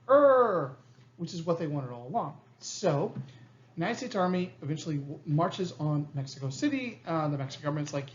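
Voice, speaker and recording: A man's voice: fairly high pitch, lively intonation, brisk, a little hiss or hum. A man teaching history in a recorded lecture, in a casual way, often checking in with students and acting out quotes. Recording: slightly dull lo-fi recording.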